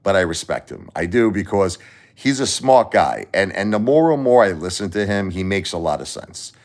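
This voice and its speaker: A middle-aged man with a Brooklyn accent chats on a casual livestream in a very low, deep voice. He rambles bluntly from one story to the next and swears freely. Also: sing-song, normal speed, a little mellow. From Brooklyn, New York. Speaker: livestream host and musician.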